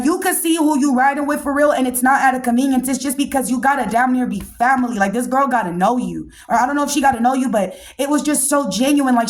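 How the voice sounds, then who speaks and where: A woman in her thirties recapping a reality show on her podcast, blunt and animated, with plenty of slang. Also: high-pitched. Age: 30s. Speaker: podcast host.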